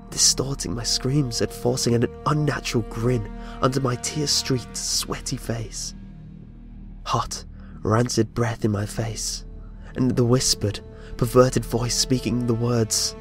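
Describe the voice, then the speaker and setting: A man narrates a first-person horror story in a tense, dramatic manner. His voice sits at an ordinary mid pitch, and soft music plays faintly underneath.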